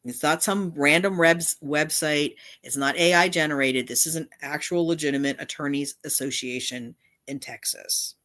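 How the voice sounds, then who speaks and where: This is a middle-aged woman hosting a relaxed livestream, and her voice sits low. She rambles from one point to the next, breaking off and restarting her sentences as she goes. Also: normal speed, few pauses. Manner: rambling, with frequent restarts and asides. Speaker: channel host. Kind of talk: casual livestream commentary.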